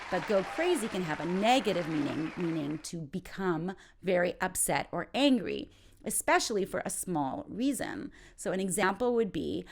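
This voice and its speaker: A woman's voice: on the low side, animated, moderate pace, vocal fry, breathy edge, a faint crowd. A woman teaching informal English in a playful way, acting out short example dialogues. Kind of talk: informal ESL lesson.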